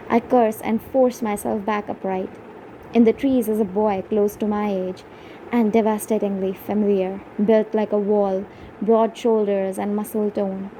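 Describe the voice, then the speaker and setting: A woman reading a first-person audiobook in a hushed, suspenseful storytelling manner. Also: mid-range voice, slight background noise, poor audio. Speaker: audiobook narrator.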